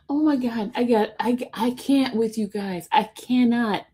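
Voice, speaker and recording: A woman's voice: on the high side, a little slow, mellow, breathy edge. A woman hosting a casual livestream, laughing often and teasing her chat, sometimes dropping to a whisper. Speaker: livestream host reading chat.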